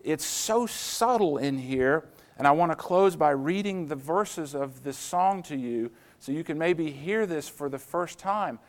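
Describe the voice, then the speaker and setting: A man preaching a sermon as a pastor, earnest and storytelling, slowing down and speeding up for emphasis. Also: a little high, lively intonation. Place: church.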